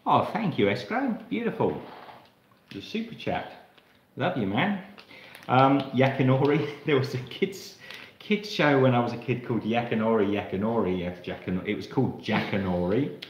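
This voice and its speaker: A man's voice: mid-range voice, sing-song, normal speed, roomy sound, dull audio, a little hiss or hum. An Australian man hosting a live cooking stream, chatting to viewers in a rambling way while he cooks in his kitchen. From Australia, Melbourne. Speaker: cooking channel host.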